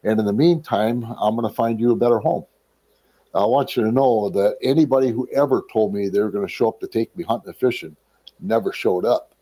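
A middle-aged man from Wisconsin telling his life story as a testimony, animated and acting out the people he quotes. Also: fairly low pitch, a little fast. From Wisconsin, USA. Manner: animated storyteller who acts out quoted people and often clears his throat.

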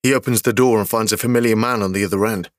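A man reads an audio story aloud at a steady, measured pace. His voice sits fairly low and is recorded dry and close, with no room sound. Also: dry recording. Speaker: story narrator. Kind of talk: scripted audiobook narration.

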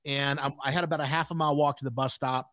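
A man's voice: mid-range voice, fairly even intonation, fast, fairly bright tone, no echo, studio quality. A man in his sixties, a podcast guest telling a candid story in an emphatic way with frequent asides.

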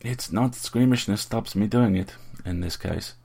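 Man voicing a woman sorceress, storybook, prim, sniffy, lecturing, raised pitch. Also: unhurried, creaky, warm tone. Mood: indignant.

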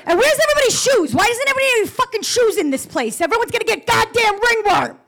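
A woman voicing her own foul-mouthed Italian-American mother, loud and blunt. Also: extremely high pitch, lively intonation, rapid-fire, vocal fry, faint music behind, pitched above the performer's own voice, heavily acted. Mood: exasperated.

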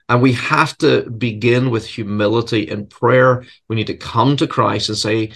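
A man's voice: mid-range voice, fairly even intonation, normal speed, creaky, few pauses, a bit bright. A man who is a seminary professor and preacher, answering interview questions in an earnest, reflective way with self-deprecating humor, often repeating words as he searches for phrasing.

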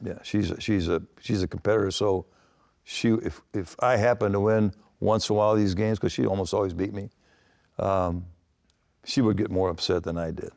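Gravelly older man telling stories. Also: lowish voice, steady tone, moderate pace, a little mellow. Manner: rambling anecdotes with many restarts and acted quotes. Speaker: retired baseball manager, guest. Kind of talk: storytelling interview answers.

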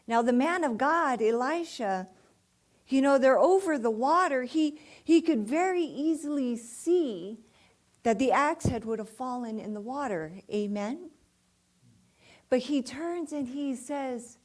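A woman's voice: sits high, animated, slow, darkish tone. A woman preaching a sermon in church, often calling "amen?" to the congregation and rising to fervent emphasis.

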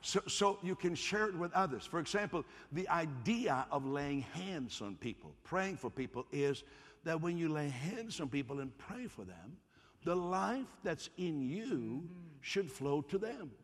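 Raspy, creaky-voiced man preaching. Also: fairly high pitch, unhurried, long reverb tail. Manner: animated, playful, asks the congregation to respond. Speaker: pastor. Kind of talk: sermon. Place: church hall.

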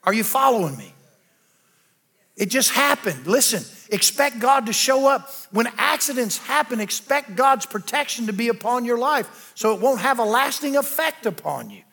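An older man preaching a sermon, animated and calling out to the congregation for responses. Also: very high voice, moderate pace, breathy edge. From American South. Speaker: pastor.

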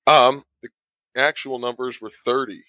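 A man's voice: medium pitch, steady tone, measured pace, bright, forceful tone, no room sound. A man guesting on a podcast in casual chat, knowledgeable and precise with details.

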